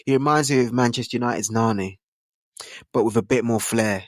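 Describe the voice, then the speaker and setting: A man's voice: medium pitch, brisk, no room sound. A man, rambling casually about football in slang and asking rhetorical tag questions. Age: 20s. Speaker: football channel host. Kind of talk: casual football opinion monologue.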